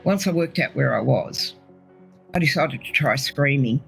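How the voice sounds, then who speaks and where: A woman's voice: rumbling low, animated, unhurried, creaky, soft background music, low-quality recording. A middle-aged Australian woman with an Australian accent, earnestly telling her near-death experience as a guest. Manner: earnest, emotional storytelling. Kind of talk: personal testimony.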